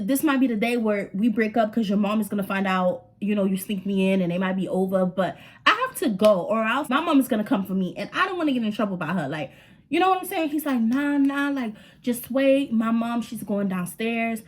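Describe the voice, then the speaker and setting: A woman's voice: mid-range voice, animated, quick pace. A young woman telling a dramatic story to her viewers in a chatty, slangy way. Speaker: storytime vlogger. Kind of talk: casual storytelling to camera.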